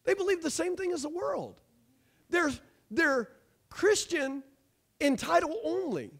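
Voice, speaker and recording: A man pastor preaching a lively sermon with rhetorical questions, asides and jokes to his congregation. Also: extremely high pitch, measured pace, gravelly.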